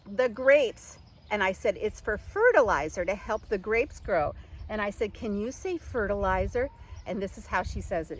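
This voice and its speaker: A woman's voice: a little high, low-quality recording. An older woman gives a rambling, casual how-to chat outdoors in her home garden, full of fillers and restarts, speaking to a camera she set up herself. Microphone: camera set up and angled by herself.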